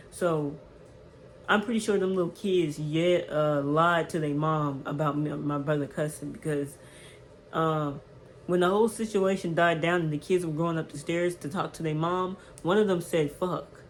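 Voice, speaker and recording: A woman vlogger telling a casual storytime, animated and emphatic, with slang and repeated words. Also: sits low, slight background noise, low-quality recording.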